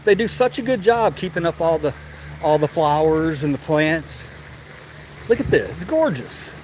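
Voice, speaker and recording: A man's voice: a little high, big pitch swings, normal speed, darkish tone, slight background noise. A man giving a casual, laughing live tour of a zoo, chatty and a bit winded as he walks. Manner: chatty, laughing, repeats himself. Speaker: vlogger touring a zoo. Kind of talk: casual live-stream chat. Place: outdoors at a zoo.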